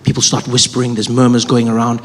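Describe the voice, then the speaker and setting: A man telling a stand-up story on stage, lively, acting out the people he describes. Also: medium pitch, quick pace. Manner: animated, acts out every character. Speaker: stand-up comedian. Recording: noisy live show with long reverb.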